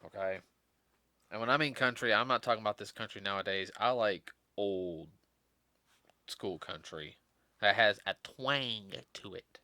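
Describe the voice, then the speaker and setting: Tired man rambling in bright tones. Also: fairly low pitch, a little slow, dry recording. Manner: rambling, many fillers and restarts. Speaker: guest host. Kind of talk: casual podcast chat.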